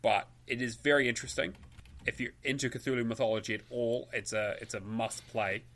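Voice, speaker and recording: A man's voice: mid-range voice, steady tone, brisk, fairly bright tone. A man co-hosting a gaming podcast, talking in a casual, rambling way with frequent restarts. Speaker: podcast co-host. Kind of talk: casual chat.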